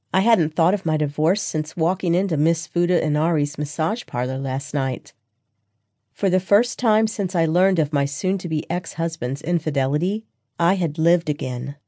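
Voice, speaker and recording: A woman reading a first-person audiobook in an even, intimate storytelling voice, close to a studio mic. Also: low-pitched, no room sound. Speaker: audiobook narrator. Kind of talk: first-person scripted narration.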